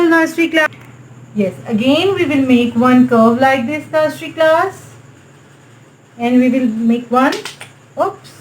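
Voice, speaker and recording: A woman with a Pakistani English accent teaching a nursery maths lesson in a slow, sing-song way, repeatedly calling on the class. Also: sits high, reverberant, slight background noise, low-quality recording. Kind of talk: recorded online maths lesson for small children.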